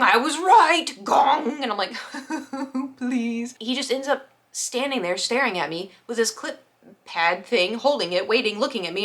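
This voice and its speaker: A woman's voice: a little high, a bit bright. A young woman vlogger recounting a story to her camera in a loose, rambling way. She sounds anxious and self-deprecating, stumbling over restarts as she talks it through. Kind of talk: casual storytime monologue.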